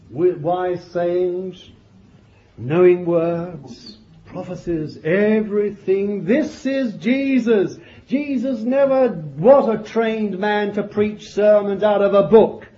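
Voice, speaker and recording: An older man preaching a fervent sermon, swinging from loud declarations to low murmured asides and breaking in with praise. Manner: exclaims hallelujah and glory between points. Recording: dull lo-fi archive recording.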